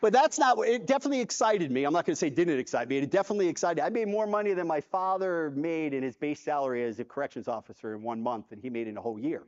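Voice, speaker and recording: A man giving a conference keynote talk, telling a personal story in an animated way and acting out the dialogue. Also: a little high, fast talker, hardly any pauses. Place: large convention hall. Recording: dull hall reverb from a conference stage.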